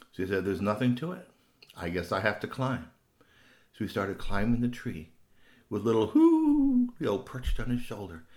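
A man telling a children's story in a playful, animated way, with shrill owl hoots and little asides.

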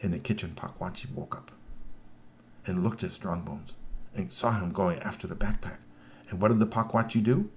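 A man telling a children's story aloud, lively and full of put-on voices. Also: deep voice, normal speed, slight background noise.

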